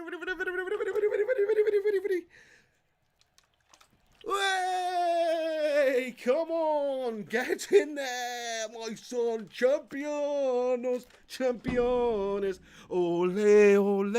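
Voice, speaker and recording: A young man streaming a football game, excitable and loud, laughing and swearing as he cheers and reads out chat. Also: high voice. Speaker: gaming streamer. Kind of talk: live-stream commentary and chat reading.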